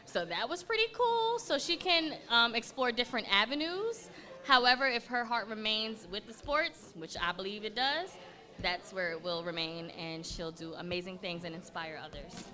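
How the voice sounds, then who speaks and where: Woman with a bright, crisp voice, chatting upbeat on a podcast, encouraging. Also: mid-range voice, animated, moderate pace. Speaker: guest. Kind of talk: casual podcast chat.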